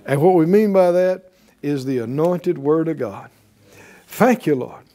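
With a slightly high, warm, animated voice, a male pastor leads his congregation in repeating lines during a sermon. His delivery is slow and deliberate in call-and-response style, and he poses a string of emphatic questions.

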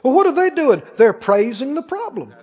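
A middle-aged man preaching a sermon as pastor, emphatic and animated, with sudden exclamations. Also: extremely high pitch, normal speed. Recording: dull recording with long hall reverb.

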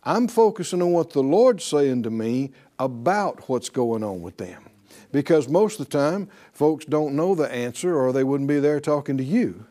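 A man's voice: a little high, sing-song, moderate pace, mellow. A middle-aged man teaching a sermon in a chatty, folksy way, often laughing and acting out the people he quotes. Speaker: pastor teaching a faith class.

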